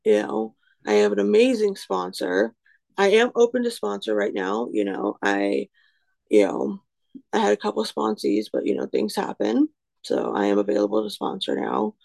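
A woman's voice: mid-range voice, huge pitch swings, moderate pace, creaky, darkish tone, poor audio. A woman in her twenties gives a candid personal testimony in a frank, self-deprecating way, rambling with lots of "you know" and "um". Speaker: recovery speaker sharing her story.

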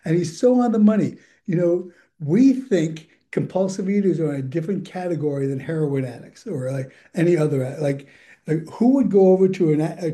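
A man's voice: fairly high pitch, warm tone. An older man giving a candid, rambling recovery share, chuckling often as he talks. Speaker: recovery program speaker.

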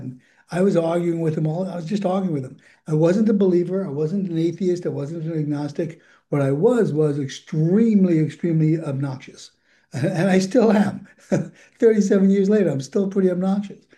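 Older male recovery speaker, very mellow dark tone, slightly high pitch, candid and rambling. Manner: candid, rambling, chuckles often. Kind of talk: personal recovery share.

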